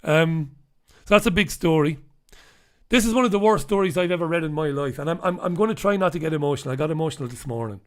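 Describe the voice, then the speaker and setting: A man hosts a live solo news review with an impassioned, emphatic delivery, hammering his points home by repeating them. He speaks bluntly and swears when angry. His voice sits a little higher than most men's. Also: fast. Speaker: show host reviewing newspapers.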